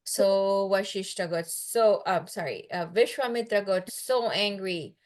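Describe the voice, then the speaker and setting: A woman's voice: fairly high pitch, measured pace. A woman casually telling a story to a child over a video call, chatty and full of fillers, stopping to quiz her listener.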